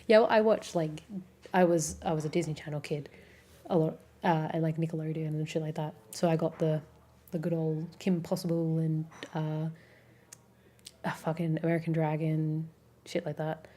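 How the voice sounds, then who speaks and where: Speaking at a moderate pace in a deep voice, this twenty-something streamer from Melbourne rambles easily through viewer comments. Her Australian accent comes with plenty of swearing and a steady stream of "like."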